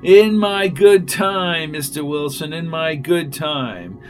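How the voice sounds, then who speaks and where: A man reading aloud as a gruff, irritable male inspector who blusters and complains. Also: fairly high pitch, lively intonation, measured pace, fairly bright tone, soft background music. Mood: irritated. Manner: blustering, exasperated.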